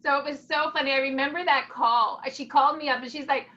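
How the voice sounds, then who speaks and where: High, bright-voiced woman, animated. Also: fast, highs cut off. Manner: lively, animated storyteller. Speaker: co-host promoting a product. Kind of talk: casual conversation.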